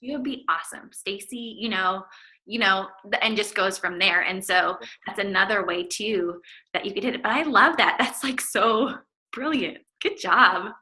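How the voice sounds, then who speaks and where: A woman's voice: medium pitch, measured pace, bright, forceful tone. A woman hosting a casual video call interview, enthusiastic and encouraging toward her guests. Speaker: host.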